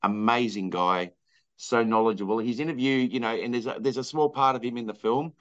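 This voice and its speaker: A man's voice: medium pitch, fairly quick, fairly bright tone, clean tone, highs cut off. A filmmaker being interviewed, telling his story casually with lots of fillers and restarts and acting out what people said. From Australia. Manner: rambling, many fillers and restarts, acts out quoted people. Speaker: filmmaker guest.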